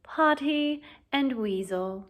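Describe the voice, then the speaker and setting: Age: young. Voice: a woman doing a sneering schoolboy bully with a slow, lazy drawl. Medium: audiobook. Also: high-pitched, expressive, voice pushed up.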